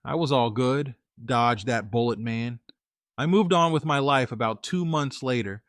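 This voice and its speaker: A man's voice: mid-range voice, unhurried, a bit bright, dry recording, clean studio sound. Man telling a casual first-person story. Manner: casual, conversational, talks to listeners as "guys".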